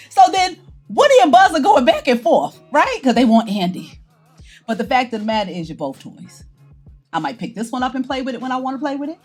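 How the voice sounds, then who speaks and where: A woman's voice: high-pitched, a little fast, soft background music. A middle-aged woman from New York telling her own story in a documentary interview, theatrical and acting out the voices of people in it. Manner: animated, theatrical, acts out voices. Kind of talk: personal storytelling to camera.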